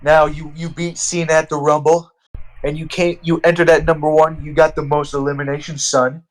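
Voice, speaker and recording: A man's voice: a little high, level tone, moderate pace, lightly acted, poor audio. A man doing a blunt wrestling boss. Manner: blunt, ends lines with "son".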